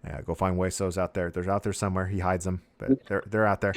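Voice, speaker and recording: A man hosting a casual gaming podcast, relaxed and rambling with plenty of fillers. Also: sits low, brisk. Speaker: podcast host.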